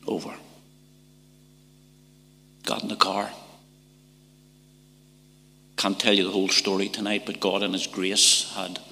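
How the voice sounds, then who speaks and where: A deep, gravelly Northern Irish man tells his story in a church, his voice bright and hard-edged despite the low pitch. He halts and repeats words as emotion builds, sometimes sinking to a whisper, and the hall's long reverb trails behind him. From Northern Ireland. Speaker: testimony speaker. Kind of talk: church testimony.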